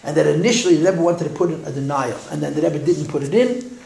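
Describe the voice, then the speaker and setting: A man teaching a class, telling a story in an animated way and raising his voice when he quotes people, often repeating words as he thinks. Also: fairly high pitch, quick pace, gravelly, slight background noise. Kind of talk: storytelling lecture.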